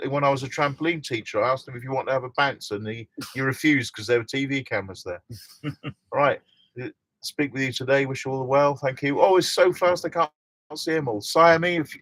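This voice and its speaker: A man's voice: mid-range voice, fairly bright tone, dry recording. A middle-aged man hosting a casual live stream from inside a motorhome, chatting and reading out viewer comments with frequent laughs.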